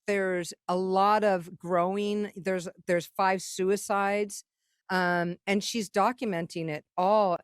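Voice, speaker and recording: A woman's voice: mid-range voice, no room sound, studio quality. Rambling, salty-tongued woman storyteller. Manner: rambling, profane, acts out quoted dialogue. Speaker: guest songwriter and producer. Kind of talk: casual storytelling interview.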